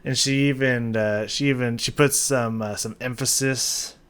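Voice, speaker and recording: A man's voice: mid-range voice, fairly even intonation, a little slow, a bit bright, clean tone. A man hosting a music reaction video, breaking down a song casually, with hesitant restarts and rhythms hummed aloud.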